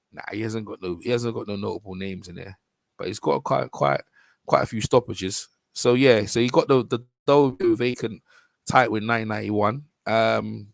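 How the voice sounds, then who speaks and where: In a dry recording with no room sound, a London man with a lowish, gravelly voice hosts a boxing channel. He chats casually over a fight video, rambling informally with lots of restarts and fillers.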